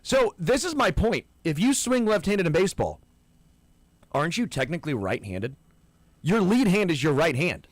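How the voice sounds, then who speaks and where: A man's voice: sits high, big pitch swings, moderate pace, dry recording. A man co-hosting a sports radio show, arguing his point eagerly in casual banter and stumbling over his words when pressed. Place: radio studio. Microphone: studio microphone.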